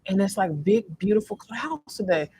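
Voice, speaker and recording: Male tarot reader, high voice, casual vlog, meandering delivery with many fillers and restarts. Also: moderate pace, warm tone, breathy edge. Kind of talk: casual spiritual card reading vlog. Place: sitting in a fast-food restaurant.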